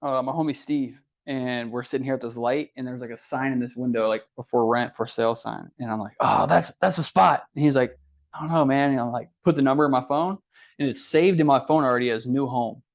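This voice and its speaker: A man's voice: medium pitch, fairly quick. A young adult man from Ohio, a podcast guest, tells his story casually and acts out what others said. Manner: animated, acts out quoted dialogue. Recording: dull lo-fi podcast audio.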